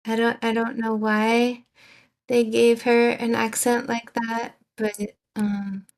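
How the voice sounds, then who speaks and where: Young British woman streamer, casual chat, soft and slow, drifts into whispers. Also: on the high side, flat delivery.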